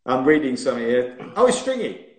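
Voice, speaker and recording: A man's voice: mid-range voice, fairly quick. A man in his fifties, a former racing driver, chatting as a guest on a live stream and telling stories with laughter and teasing. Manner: lively storyteller who laughs and teases. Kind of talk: casual chat on a live stream. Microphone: phone or laptop mic on a video stream. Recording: roomy echoey room on a phone mic.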